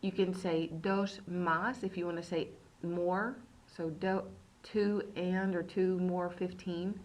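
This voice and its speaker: A woman teaching beginner Spanish in a recorded lesson. She repeats words slowly and keeps checking in with "okay". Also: on the low side, little pitch movement, a little mellow, slight background noise, low-quality recording.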